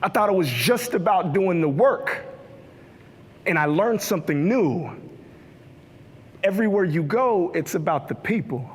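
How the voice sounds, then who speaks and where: A man's voice: sits high, animated, a little slow, long pauses. A young man giving a motivational keynote, full of energy and leading the audience in call-and-response. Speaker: keynote speaker. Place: large hall with a live audience. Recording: echoey hall.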